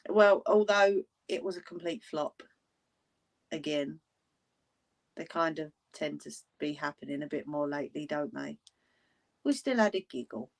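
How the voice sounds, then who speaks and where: A woman's voice: low-pitched, expressive, normal speed, gravelly, long pauses. A woman chatting casually with livestream viewers, blunt and laughing often. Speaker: livestream host.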